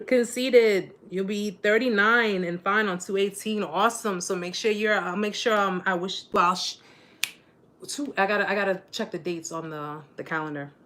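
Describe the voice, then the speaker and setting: A woman's voice: medium pitch, steady tone, moderate pace, fairly bright tone, slight background noise. A woman in her forties hosting a casual live-stream chat, bubbly and joking, laughing often. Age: 40s.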